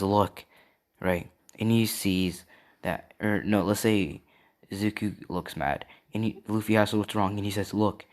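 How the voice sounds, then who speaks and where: A man casually improvising a fan story, rambling along with lots of filler and checking in with the listener. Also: low-pitched. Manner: rambling, many "and yeah" and "right?" fillers.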